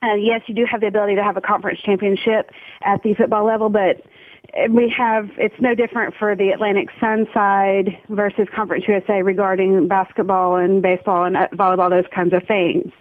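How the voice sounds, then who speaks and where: A woman's voice: mid-range voice, no echo. Lady calling in, explaining things earnestly, thin phone sound. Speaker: caller. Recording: tinny phone line.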